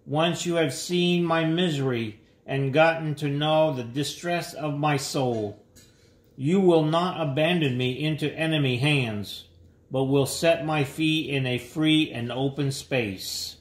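A man reading psalms and prayers aloud in a measured, solemn way. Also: on the high side, echoey room. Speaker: scripture reader.

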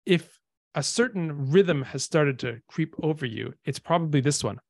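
Gravelly man explaining Latin poetry. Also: fairly high pitch, normal speed, no echo, clean studio sound. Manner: relaxed and explanatory, with frequent ums. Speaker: lecturer. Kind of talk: informal lecture.

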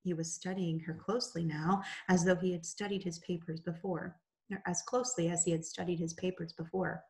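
A woman teacher reading a novel aloud to her class in a measured, unhurried narration. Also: on the low side, flat delivery, a little mellow.

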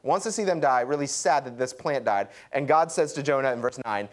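A young adult man preaching a sermon, animated and acting out quotes. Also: a little fast, few pauses. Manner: lively, acts out quotes with pitch jumps. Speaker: pastor.

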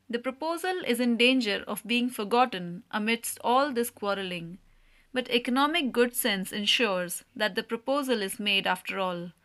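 A woman narrating a school play as an audiobook, with a clear, measured reading. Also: a little high, fairly bright tone.

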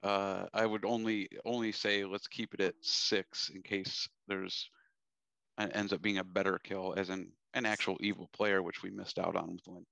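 Gravelly low man, dry sound. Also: flat delivery, normal speed, pushed and bright, no room sound, dull audio. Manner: defends himself with hesitant restarts. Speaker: player in a social deduction game. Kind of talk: casual game discussion.

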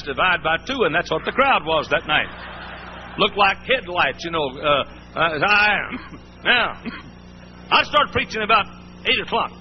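A man pastor preaching a sermon, telling folksy stories and often repeating and restarting his words. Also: high voice. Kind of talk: storytelling sermon. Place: church before a congregation. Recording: muffled old sermon tape with faint hum.

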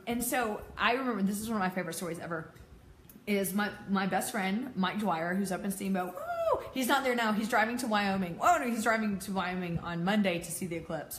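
A woman's voice: medium pitch, a little fast, a bit bright, slight background noise. A woman in her thirties giving a candid personal talk to an audience, laughing often and making self-deprecating asides. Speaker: peer support speaker. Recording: echoey room.

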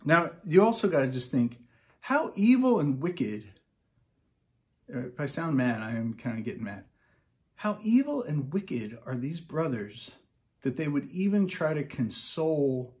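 A man preaching a casual, conversational sermon, reading scripture aloud and breaking into animated asides. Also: a little high.

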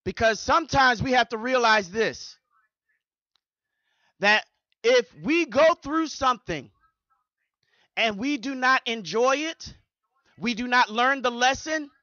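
A male pastor preaching in a high, bright voice that rises as he builds repeated phrases. The sound is dry and close, a little dull in the highs. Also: animated, slow pace, pauses often, dry recording. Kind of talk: sermon.

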